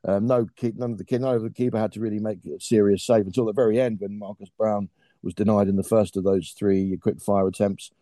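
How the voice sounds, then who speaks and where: A man's voice: lowish voice, steady tone, fast talker, warm tone, no echo. A middle-aged man in a casual podcast chat, a football commentator who talks in long, wordy, drily ironic runs with plenty of fillers and puns.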